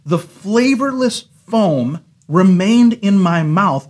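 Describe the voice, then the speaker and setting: Husky, animated man reviewing cereal. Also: a little high, unhurried. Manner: animated, laughing, exaggerated disgust. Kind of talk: casual review vlog.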